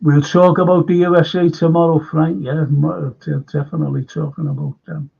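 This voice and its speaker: An older man with a Liverpool accent hosts a live fan stream, reading out comments and wandering through anecdotes. His voice is gravelly and husky. The sound is dull and lo-fi. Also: on the high side, little pitch movement, moderate pace, darkish tone. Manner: rambling anecdotes with repeated restarts. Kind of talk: casual chat reading viewer comments.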